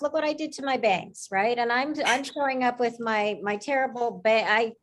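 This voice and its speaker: A woman moderating a panel on a video call, speaking in a slow, soothing, reassuring way. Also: a little high. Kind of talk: calming guidance.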